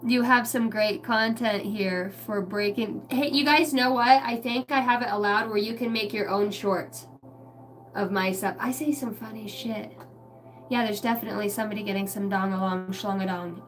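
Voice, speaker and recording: A woman's voice: medium pitch, fairly even intonation, a little fast, a little hiss or hum. Blunt, profane woman reading tarot. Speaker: tarot card reader. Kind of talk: casual livestream reading.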